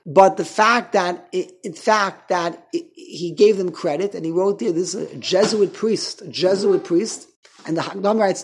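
A man's voice: high voice, a little slow, husky. A man teaching an informal Torah class, chatty and rambling, often restarting his sentences. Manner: rambling, self-interrupting, frequent restarts. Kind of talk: informal Torah lecture to a small group.

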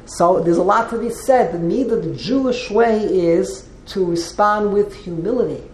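A woman's voice: medium pitch, normal speed, darkish tone, a little hiss or hum. A woman teaching a text class, explaining as she goes and often repeating and restarting her words. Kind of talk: classroom lecture with questions. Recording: roomy echo.

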